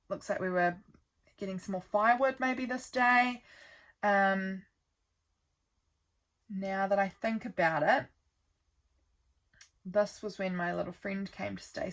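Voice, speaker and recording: A woman's voice: mid-range voice, vocal fry, a bit bright. A woman, casually chatting and rambling as she flips through her calendar, with lots of ums. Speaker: vlogger.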